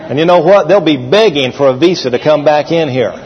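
A man's voice: a little high, fairly quick. A man preaching a sermon in a folksy storytelling manner with fillers. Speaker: pastor. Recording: echoey hall, dull sound.

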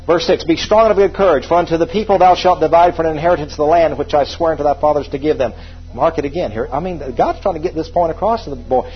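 Emphatic preacher man, husky and lo-fi. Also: a little high, quick pace, faint music behind. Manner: emphatic, repetitive, calls for congregation responses. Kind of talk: sermon.

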